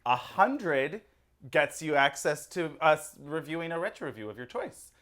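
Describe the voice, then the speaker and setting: A man co-hosting a casual movie review podcast, enthusiastic and quick to laugh. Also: fairly high pitch, lively intonation, a bit bright. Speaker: podcast co-host.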